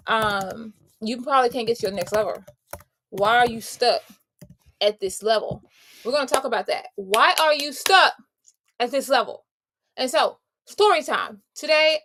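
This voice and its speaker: A young adult woman tells her viewers a personal story as a life coach. Her voice sits high and sounds bright. She speaks casually and with emphasis, often calling her listeners y'all.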